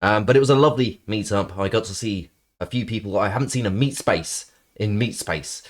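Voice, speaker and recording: A man's voice: lowish voice, brisk. A man streaming live, chatting casually to viewers in a playful, sarcastic, rambling way with plenty of ums.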